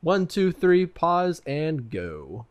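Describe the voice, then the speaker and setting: Male co-host, slightly high voice, animated, quick with jokes. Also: clear, resonant tone. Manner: joking, laughs often. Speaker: podcast co-host. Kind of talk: casual chat.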